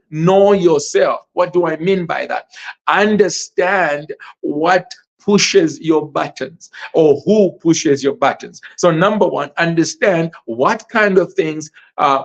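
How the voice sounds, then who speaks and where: A man hosting a motivational podcast, talking in a lively, preacherly way and working through numbered points. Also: fairly high pitch. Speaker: podcast host. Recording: dull lo-fi sound.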